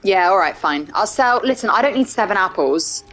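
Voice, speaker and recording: A woman's voice: medium pitch, expressive, a little fast, fairly bright tone, soft background music, poor audio. A woman streaming a video game, joking around and counting button presses aloud in casual chat. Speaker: actor streaming her first playthrough.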